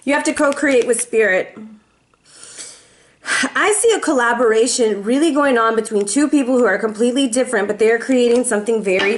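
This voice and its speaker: A woman reads tarot cards in a loose, chatty way, talking straight to her viewers. Her voice sits a little high for a woman. She keeps it playful, acting out what her viewers might say and humming bits of songs. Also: slight background noise. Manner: chatty and playful, slips into sung lines and quoted voices. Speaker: tarot reader. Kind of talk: casual tarot reading.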